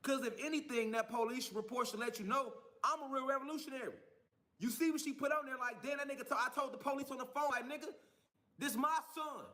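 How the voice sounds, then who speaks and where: A man in a heated, profane monologue, defiant and ranting. His voice is high and bright with a sharp, forceful edge. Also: quick pace. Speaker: man telling his own story in a clip. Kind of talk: angry monologue.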